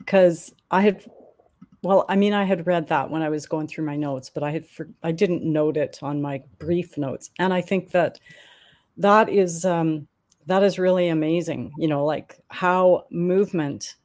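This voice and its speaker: A woman's voice: low voice, a little mellow. A woman hosting a conversational interview, friendly and curious, asking her guest questions. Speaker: podcast host.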